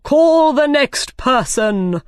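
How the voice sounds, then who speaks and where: Bossy storybook king voiced by a woman reader, loud and stern, with slow, drawn-out commands and a dry, close sound. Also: high-pitched, expressive, clear, resonant tone, no room sound, voice pushed up, exaggerated voice. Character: bossy, threatening king, adult man.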